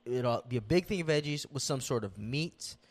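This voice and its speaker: A young man co-hosts a fitness podcast in a relaxed, easygoing way. His voice sits in the middle range, and his talk is full of casual fillers and easy laughter. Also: medium pitch, moderate pace. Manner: laid-back, says "dude" a lot, laughs often. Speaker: podcast co-host. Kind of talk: casual chat.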